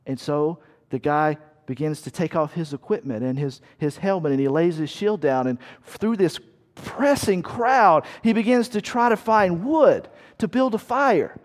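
High-voiced preacher telling a vivid battle story. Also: male voice, animated, unhurried. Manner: vivid second-person storytelling, shouting quoted commands. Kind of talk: sermon illustration.

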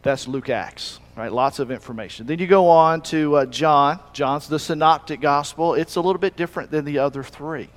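A man's voice: a little high, normal speed, hardly any pauses. A man from Alabama with a Southern accent, preaching a folksy, joking sermon that rambles loosely from point to point. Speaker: pastor. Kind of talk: sermon with humor.

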